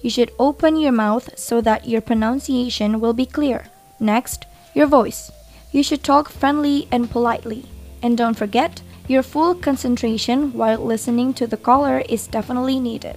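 A woman's voice: on the high side, fairly even intonation, normal speed, a little mellow, faint music behind. Woman as a patient receptionist teacher. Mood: instructive. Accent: Indonesian. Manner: patient, instructive. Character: helpful young office receptionist woman. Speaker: office receptionist teaching phone manners. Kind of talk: scripted educational role-play.

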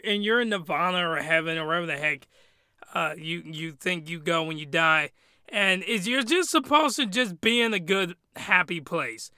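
A man hosting a casual solo podcast review, telling it in a crude, rambling, animated way into a podcast microphone. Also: high-pitched, clear, resonant tone, dry recording, clean studio sound. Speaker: podcast host.

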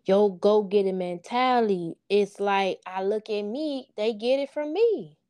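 A woman's voice: mid-range voice, measured pace, darkish tone, clean tone. A woman talking informally and from the heart as an interview guest, a single mother speaking about her sons. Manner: earnest, heartfelt and informal, with frequent "you know what I'm saying". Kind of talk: casual heartfelt interview chat.

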